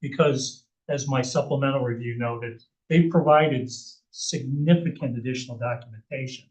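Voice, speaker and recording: A man acting as planning consultant at a public meeting, speaking with careful, measured hedging. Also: medium pitch. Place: municipal meeting room. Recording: echoey room, voice far from mic.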